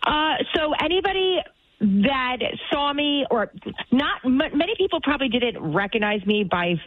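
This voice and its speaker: A woman producer chatting casually, playful and quick to laugh as she tells stories. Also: sits high, no echo, narrow, tinny audio. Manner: playful, laughing, lively storytelling. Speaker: show producer. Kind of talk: casual chat.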